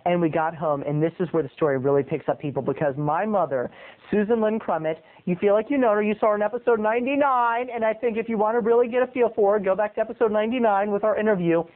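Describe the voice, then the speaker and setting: Animated man telling a story, tinny sound. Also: sits high, fast talker. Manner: animated storyteller, addressing viewers as "people". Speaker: video blogger. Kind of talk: storytelling vlog.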